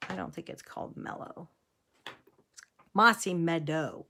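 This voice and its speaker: A woman's voice: lowish voice, unhurried, sharp tone, slight background noise. A woman demonstrating card making in a casual, chatty way, wandering off into stories and laughing easily. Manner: chatty, rambling storyteller who laughs easily. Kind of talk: casual crafting tutorial chat.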